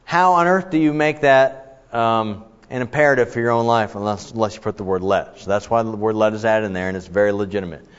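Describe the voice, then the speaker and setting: A man's voice: fairly low pitch, fairly quick, clean tone. A man teaching a Bible study in a conversational, emphatic way, often restarting his sentences. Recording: dull audio, long reverb in a hall.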